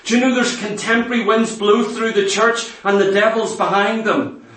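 Preacher guy, fairly high voice, pounding out rhetorical questions, far from the mic in a big echoey room. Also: steady tone, normal speed, a bit bright. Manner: emphatic, with rhetorical questions to the congregation. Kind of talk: sermon.

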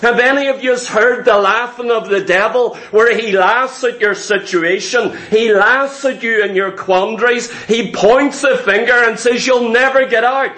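High-voiced man preaching emphatically. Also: measured pace, few pauses, bright, forceful tone, echoey room, low-quality recording. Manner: emphatic, repetitive preaching cadence. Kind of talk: sermon.

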